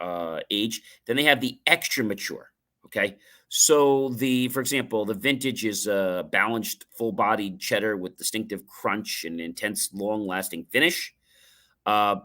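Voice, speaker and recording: Male livestream host, lowish bright voice, playful, drawn-out motivational delivery. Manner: playful, lingers on words, acts out dialogue. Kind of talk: motivational talk with acted examples.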